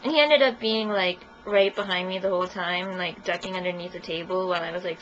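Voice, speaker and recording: A young woman tells a story in a casual interview, chatty and giggly and saying "like" constantly. Her voice is fairly low and fairly bright, with fairly even intonation, a slightly fast pace, and hardly any pauses. The recording is muffled, with faint hiss.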